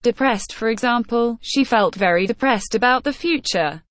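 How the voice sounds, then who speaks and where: A woman slowly reading a vocabulary list of words with example sentences, one word at a time in a measured, even delivery. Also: on the high side, no echo. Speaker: vocabulary instructor.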